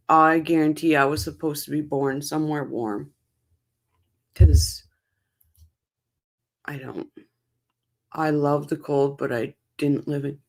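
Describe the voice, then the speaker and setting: A livestream host from Canada keeps up casual chat while a court case streams live, reading her viewers' comments out loud. Her low-pitched voice is a little mellow.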